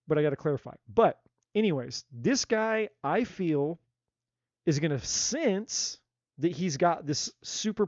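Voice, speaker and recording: Guy doing a live tarot reading, blunt and sweary, kinda high voice, dry dull lo-fi audio. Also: dry recording. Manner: blunt, animated, swears freely, acts out quotes. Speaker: tarot reader.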